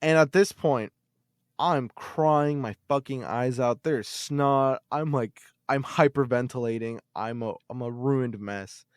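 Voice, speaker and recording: A man on a podcast, telling a story from his childhood in an animated, swearing style with lots of repeated words. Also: mid-range voice, unhurried, clean tone, no room sound, studio quality. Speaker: podcast host. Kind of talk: casual storytelling.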